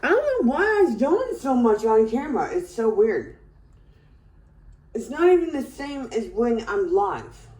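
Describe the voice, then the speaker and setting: A woman's voice: fairly high pitch, big pitch swings, unhurried, dark tone, low-quality recording. A woman talking to herself at home in a casual vlog, rambling and groggy. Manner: rambling, groggy self-talk. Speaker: vlogger.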